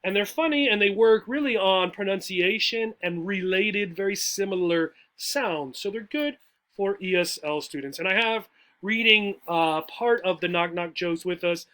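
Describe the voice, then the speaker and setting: A man's voice: sits high, normal speed, bright, forceful tone. A man teaching a lesson to English learners, patient and explanatory, who keeps checking in with "right?" as he walks through each joke. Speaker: adult education teacher.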